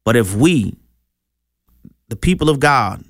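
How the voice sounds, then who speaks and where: A man preaching a sermon, in a conversational style with animated asides. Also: medium pitch, takes it slowly, vocal fry, dry recording, studio quality.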